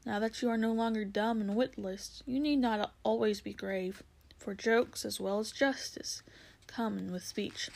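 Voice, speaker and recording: A woman voicing a great, gentle, kingly male lion in a storybook reading, speaking in a soft, hushed, solemn way. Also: fairly high pitch, fairly even intonation, unhurried, vocal fry.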